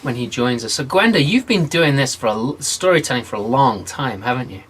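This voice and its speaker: A man's voice: medium pitch, animated, breathy edge. A man hosting a casual online chat show, greeting viewers by name in an upbeat, chatty way. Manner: chatty, upbeat, quick shout-outs to viewers. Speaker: host. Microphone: video call.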